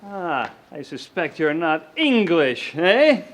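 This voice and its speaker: An actor playing a bumbling, easily confused police detective in a sitcom, over the top. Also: male voice, fairly high pitch, very animated, takes it slowly, a little hiss or hum. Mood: flustered. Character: bumbling London police detective, middle-aged man. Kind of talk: scripted sitcom acting.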